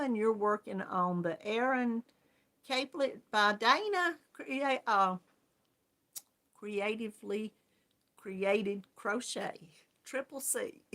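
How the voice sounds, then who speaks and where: This woman hosts a yarn crafts channel, chatting casually on a live stream and welcoming each viewer individually. Her mid-range voice sounds pushed and bright, and her manner is friendly and talkative, with frequent laughter.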